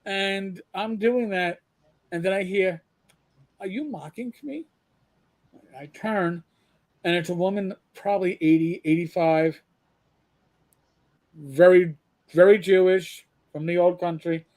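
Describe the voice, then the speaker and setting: A man on a casual gaming podcast, telling lively anecdotes and acting out what he and others said. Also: high voice, a little slow, long pauses. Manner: animated storyteller acting out his own quotes.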